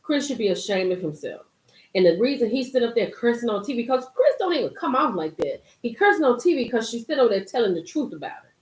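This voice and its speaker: A woman hosting a casual live-stream commentary, emphatic and animated, reading and reacting to viewer comments. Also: a little high, quick pace. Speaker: YouTube commentary host. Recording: roomy echo.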